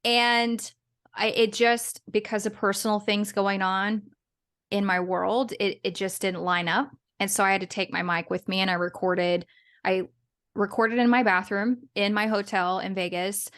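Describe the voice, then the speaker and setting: A woman's voice: medium pitch, fairly even intonation, measured pace, fairly bright tone. A woman guest in a casual interview, talking in a chatty, rambling way with frequent restarts and small laughs. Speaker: guest, business owner and podcaster.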